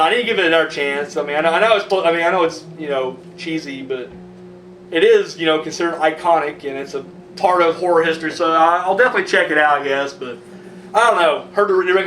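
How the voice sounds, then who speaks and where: Profane ranting man, high voice. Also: fairly bright tone. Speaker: horror news vlogger. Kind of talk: casual ranting commentary. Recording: roomy, distant mic, faint noise.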